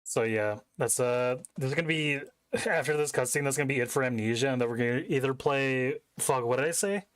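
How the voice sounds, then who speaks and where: A man's voice: mid-range voice, a little fast, fairly bright tone, clean tone, no echo. A young man chatting casually as a game streamer, rambling, cursing and interrupting himself. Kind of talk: casual chat while streaming. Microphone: desk mic.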